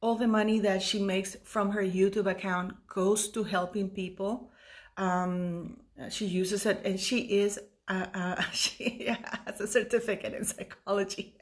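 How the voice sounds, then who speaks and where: A woman in her fifties talks through a long commentary monologue in a mid-pitched voice, tired and rambling. She stops and restarts often, and she gets emotional as she goes. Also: flat delivery, unhurried. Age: 50s. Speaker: YouTube commentator.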